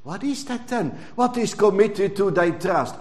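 A man's voice: sits high, expressive. A man preaching a sermon in English, stressing words strongly and drawing phrases out. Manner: emphatic, drawn-out preaching with sudden loud stresses. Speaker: pastor.

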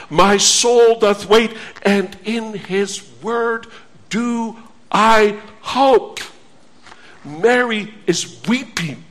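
A man preaching a sermon, slow and earnest, repeating phrases and asking the listeners rhetorical questions. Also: extremely high pitch, fairly bright tone.

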